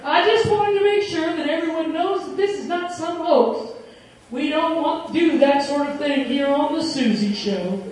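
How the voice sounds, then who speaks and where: Woman playing a showy tv host lady, chirpy, high voice, echoey distant sound. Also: normal speed, natural voice. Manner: bright, performative host patter. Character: chirpy female talk-show host, showy. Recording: very echoey room, voice far from mic.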